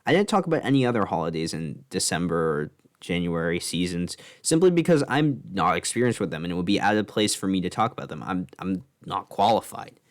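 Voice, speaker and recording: A man's voice: deep voice, very animated, a little fast. A man doing a comedic monologue as a vlogger, sarcastic and swearing, with rants that climb into mock outrage.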